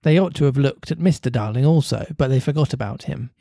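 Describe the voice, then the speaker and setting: A man's voice: fast talker, vocal fry, dry recording, studio quality. A man reading a classic children's novel aloud to a co-host, lifting his voice for character lines. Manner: animated reader, lifts pitch for character lines. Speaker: reader and co-host.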